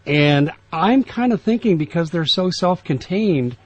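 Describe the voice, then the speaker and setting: A man hosting a radio talk discussion, earnest and conversational with halting restarts. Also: fairly high pitch, expressive, no room sound. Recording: dull lo-fi broadcast audio.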